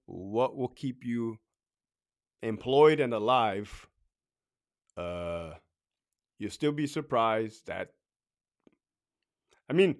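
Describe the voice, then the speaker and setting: Blunt, swearing former prison guard. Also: male voice, medium pitch, smooth. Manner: blunt and profane, repeats "right?" often. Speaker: former correctional officer giving advice. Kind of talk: casual training talk.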